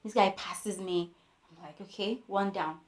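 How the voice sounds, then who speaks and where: A woman's voice: medium pitch, unhurried, roomy sound. A young woman telling a personal story for her vlog, acting out the voices of the people in it. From Nigeria. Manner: animated storytelling with voiced quotes. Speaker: vlogger.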